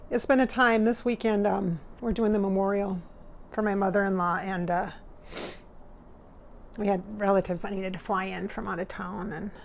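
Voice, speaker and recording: A woman's voice: medium pitch, vocal fry, a little hiss or hum. A middle-aged woman working as a spirit medium talks casually to her viewers. She is earnest and emotional, laughs often and tears up. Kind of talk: casual monologue during a channeling session.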